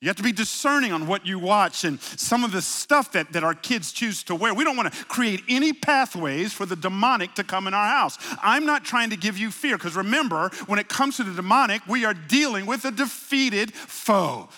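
A middle-aged male pastor preaching a sermon in a conversational way, mixing family stories with sharp emphasis and quiet, low asides. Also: animated, moderate pace, hardly any pauses. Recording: live sermon in a reverberant hall.

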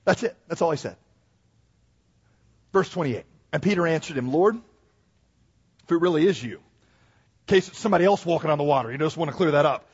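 A male pastor delivers an animated sermon, pitched fairly high with a husky edge. He reads scripture and jumps into the voices of the people in it. The recording sounds dull and lo-fi. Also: fairly quick, pauses often. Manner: animated preaching, acts out Bible voices.

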